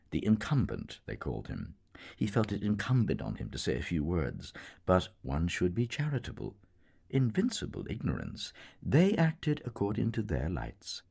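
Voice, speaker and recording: Very deep gravelly male narrator. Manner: measured, wry, expressive. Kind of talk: literary audiobook narration.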